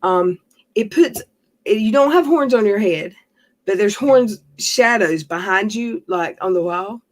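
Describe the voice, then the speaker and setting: A woman hosts a casual late-night livestream. She talks in a loose, rambling way, trails off often and laughs easily. Her voice sits at an ordinary middle pitch. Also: lively intonation, measured pace. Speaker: livestream host.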